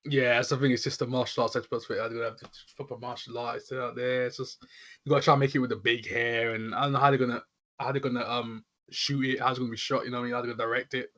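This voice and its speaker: Fast-talking young man, rambling. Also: medium pitch, little pitch movement, fairly bright tone. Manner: rambling, lots of filler words. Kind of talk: casual chat.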